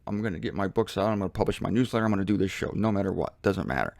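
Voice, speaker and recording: A man hosting his own show, giving a casual commentary from a laundry room in an animated, mocking way, swinging from low mutters to high exclamations. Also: racing, vocal fry, no echo, studio quality. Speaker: Bible teacher and show host. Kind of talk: casual self-filmed commentary.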